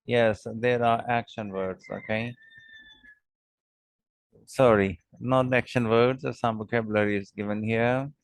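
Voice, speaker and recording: A man at middle pitch teaching an English lesson, moving very slowly and deliberately through example sentences. He fills his pauses with "uh" and checks in with "okay?". The sound is dry and close, with no room echo. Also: steady tone, clear, resonant tone.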